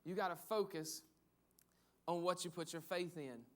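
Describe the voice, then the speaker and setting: High-voiced man preaching a sermon. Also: moderate pace. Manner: conversational, repeats phrases for emphasis. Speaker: pastor.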